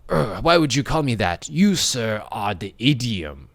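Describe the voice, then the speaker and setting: A man's voice: medium pitch, sing-song, a little slow, creaky, a bit bright, dry recording, full character voice. A man doing an offended French detective. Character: bumbling French detective, middle-aged man, easily offended.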